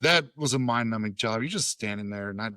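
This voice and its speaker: Bright-voiced man swearing through a story. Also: lowish voice, fast, dry recording. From Tennessee, USA. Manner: profane, acts out quoted dialogue. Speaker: podcast guest, Air Force veteran. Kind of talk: casual storytelling.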